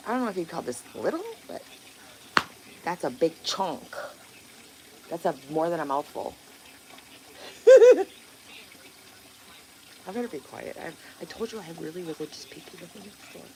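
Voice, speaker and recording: In a lowish, sing-song voice at normal speed, a woman pauses often while hosting a casual livestream by a pond outside. She rambles, curses occasionally, and responds aloud to comments from viewers, with outdoor noise behind her.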